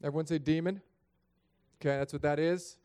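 A man's voice: a little high, steady tone, a little fast, warm tone, clean tone. A man preaching a sermon in a chapel, praying and reading scripture in an earnest, plain-spoken way that speaks straight to the congregation. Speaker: pastor.

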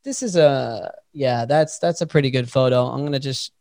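A man hosting a podcast, telling a story in a lively, casual way and swearing freely. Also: mid-range voice, normal speed, dry recording, clean studio sound. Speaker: podcast host.

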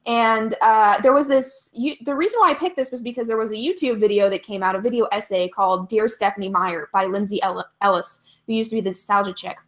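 A woman's voice: medium pitch, a little fast, few pauses, a bit bright. A woman co-hosting a podcast, talking through her views in a thoughtful, self-deprecating way with frequent restarts. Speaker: podcast co-host. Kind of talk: casual reflective chat.

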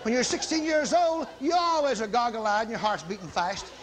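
A middle-aged man preaching, telling a story with animated bursts of loud repeated commands. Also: very high voice, moderate pace, crowd noise, noisy background. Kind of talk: sermon storytelling.

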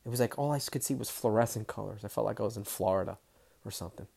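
A man's voice: lowish voice, quick pace, vocal fry, mellow, slightly rough. A man telling his personal story candidly, swearing freely and acting out the dialogue. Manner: emotional, close to tears.

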